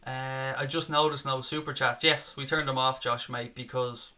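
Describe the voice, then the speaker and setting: A man's voice: medium pitch, fairly even intonation, moderate pace, bright, forceful tone. Chatty Dublin man hosting a watchalong. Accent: Dublin Irish. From Ireland (Dublin). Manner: chatty, swears freely, jokey asides to viewers. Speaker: fan channel co-host running a live match watchalong. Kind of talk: casual live-stream chat reading viewer comments. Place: home room, at his desk. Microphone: desk setup with webcam.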